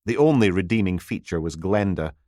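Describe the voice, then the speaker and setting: A man's voice: low voice, lively intonation, fairly quick, warm tone, no echo. A man narrating a crime novel audiobook in a dry, wry reading voice.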